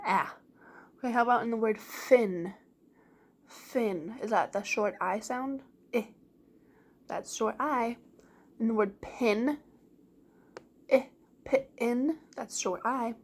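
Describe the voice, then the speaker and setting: A woman teacher giving a phonics reading lesson to young children, slowly sounding out each word. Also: on the high side. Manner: slow, clearly sounding out words.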